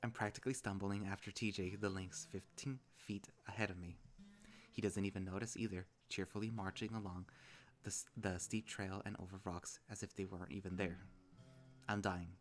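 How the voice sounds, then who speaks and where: A man's voice: low voice, fairly even intonation, moderate pace, soft background music. A man casually reading a visual novel aloud, now and then commenting on his own reading.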